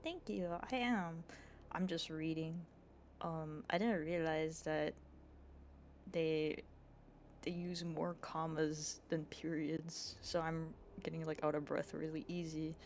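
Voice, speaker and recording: A woman streamer talks gently and unhurriedly into an ASMR mic in her bedroom, laughing often and filling her chat with casual fillers. Her voice sits a little low. There is a faint hiss behind her. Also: steady tone, slow. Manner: soft, giggly, chatty with fillers. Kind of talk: soft-spoken ASMR reading and chat. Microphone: ASMR microphone.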